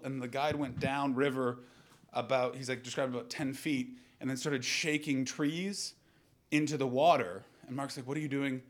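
A Canadian man in his thirties telling a stand-up comedy story and bantering with the audience, swinging from loud outbursts to low asides. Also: fairly even intonation, normal speed. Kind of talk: stand-up comedy with crowd work.

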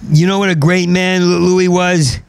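A man, a stand-up comedian, in a profane rambling rant, stuttering and repeating syllables and swinging into angry shouting. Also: high voice, flat delivery, moderate pace, creaky, smooth, no echo.

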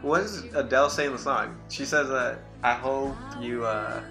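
Gravelly laid-back male co-host. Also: mid-range voice, normal speed, music in the background. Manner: laid-back, laughs easily. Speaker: podcast co-host. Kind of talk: casual sports chat.

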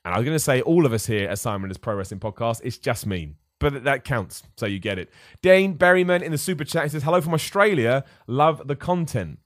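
A man's voice: mid-range voice, animated, fast talker, dry recording, clean studio sound. A man from England, hosting a casual live podcast and answering viewer questions in an upbeat, chatty way. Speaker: podcast host. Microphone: studio microphone.

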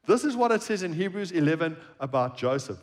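A man preaching a sermon at a church service, shifting between emphatic lines and hushed, quiet phrases. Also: a little high, a little fast. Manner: expressive preaching, drops to a hushed tone on key phrases. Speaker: pastor.

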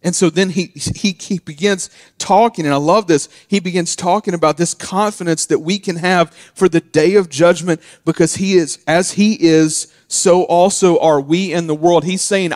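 A man preaching a casual sermon. He drifts into quiet, chatty asides and then builds to loud, emphatic peaks. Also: high-pitched, fairly even intonation, moderate pace, few pauses, dry recording, studio quality. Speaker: pastor.

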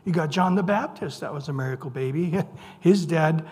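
A man's voice: on the high side, normal speed, a little mellow. A man preaching a sermon in a conversational, playful storytelling way, acting out the voices of the people he quotes. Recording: long hall reverb.

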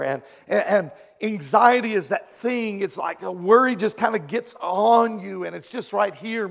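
A male pastor preaching a sermon in an animated way, acting out his listeners' reactions. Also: high voice, creaky.

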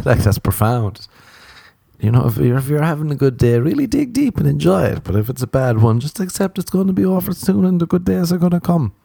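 A man's voice: fairly high pitch, animated, fairly quick, creaky, warm tone, slightly rough, no room sound. A young Irish man in his twenties, rambling through a comedic solo chat, profane and self-mocking, close to the mic. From Ireland. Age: 20s.

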